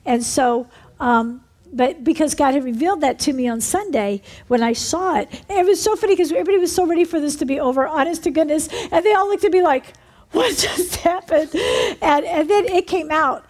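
A woman preacher giving an animated sermon testimony, calling out to the congregation for amens. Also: high-pitched, fairly quick. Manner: animated storytelling, asks for amens.

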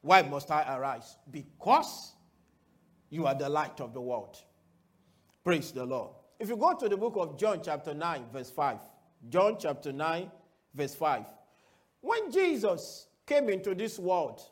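A male preacher with a high voice who takes his time, drawing the congregation in with repeated questions. He shifts from booming declarations to soft, low asides as he works through the scripture. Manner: call-and-response preaching, rhetorical questions; swings between loud declarations and quiet asides. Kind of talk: sermon.

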